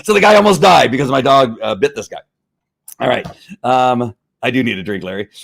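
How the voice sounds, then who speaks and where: A worked-up man hosts a podcast and rants in loose political commentary. He talks at a mid pitch, stumbles, restarts often and pushes hard on his points. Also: animated, fairly quick, creaky, a bit bright. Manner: fired-up, rambling, with frequent restarts. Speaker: podcast host.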